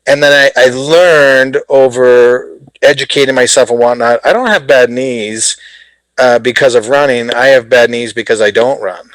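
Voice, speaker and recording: Animated storytelling man, dry sound. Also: medium pitch, normal speed, dry recording, rough recording. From Canada. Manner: lively, acts out dialogue in his stories. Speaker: guest. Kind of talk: casual storytelling.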